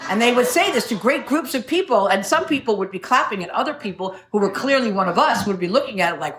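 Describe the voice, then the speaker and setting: In an echoey meeting room, a middle-aged woman tells her recovery story as an AA speaker, wry and self-mocking, joking along the way. Her mid-range, fairly bright voice moves quickly with lively intonation and hardly any pauses, over a faint hiss or hum.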